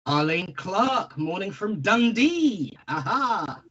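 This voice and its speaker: A man's voice: high-pitched, big pitch swings, slow, a bit bright. A man co-hosting a casual online show, friendly and playful as he greets viewers. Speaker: co-host. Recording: lo-fi online stream audio.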